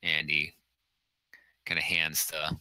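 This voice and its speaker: A man with a very deep voice that still comes across sharp and forceful speaks formally in role-play. The sound is close and dry, with no room in it. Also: little pitch movement, slow pace, clean tone, no echo, low-quality recording. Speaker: player.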